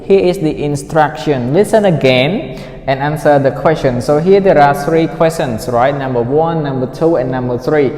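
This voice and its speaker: A man's voice: a little high, normal speed, a little mellow. Male English teacher explaining a listening exercise in an echoey room with a long reverb tail; drills pronunciation through repetition. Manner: repeats words to drill pronunciation; asks the class frequent "right?" checks. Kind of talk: classroom listening lesson.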